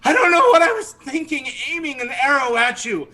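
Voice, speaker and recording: A man's voice: extremely high pitch, sing-song, a little fast, pushed and bright, pitched above the performer's own voice, heavily acted. A man voicing a smitten, groveling male ranger who gushes and pleads. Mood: gushing. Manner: pleading, gushing and breathless.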